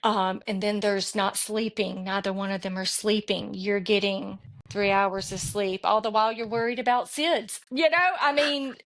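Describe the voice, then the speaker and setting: A woman's voice: mid-range voice, fairly even intonation, moderate pace, fairly bright tone. Earnest, rambling middle-aged woman. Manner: rambling, earnest, many restarts. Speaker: podcast guest. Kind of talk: personal storytelling in conversation.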